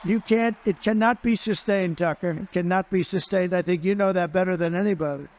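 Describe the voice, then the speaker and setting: A man with a fairly high speaking voice talks in an unscripted interview. He hammers his points and keeps repeating phrases. He speaks as a politician answering a host's questions. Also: fairly quick, darkish tone. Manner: emphatic and repetitive, circles back to phrases.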